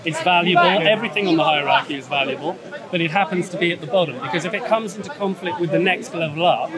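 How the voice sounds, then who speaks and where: A middle-aged man in a street debate, explaining step by step and checking for agreement with "yeah?", speaking into a handheld mic outdoors. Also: a little high. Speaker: agnostic debater. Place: outdoors in a public urban space. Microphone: handheld microphone held out by a crew member. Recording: street recording with loud crowd behind.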